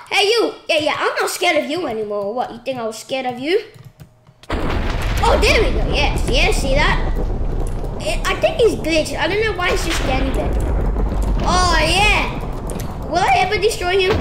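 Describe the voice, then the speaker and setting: A woman giving casual, excitable commentary while playing a game, shrieking at surprises. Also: very high-pitched, unhurried, long pauses. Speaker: gaming channel host. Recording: echoey room with clear noise.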